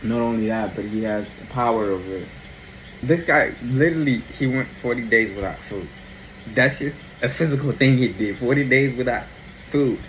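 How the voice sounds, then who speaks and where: Excited man telling a faith story. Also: mid-range voice, normal speed, a little hiss or hum, poor audio. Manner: wonder-struck, exclaiming. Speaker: Christian vlogger. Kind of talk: casual faith reflection.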